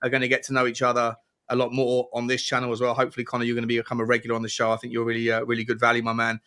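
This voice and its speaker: A young man hosting a livestream, energetic and rambling with restarts. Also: mid-range voice, racing, clear, resonant tone. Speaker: livestream host. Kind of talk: casual livestream chat.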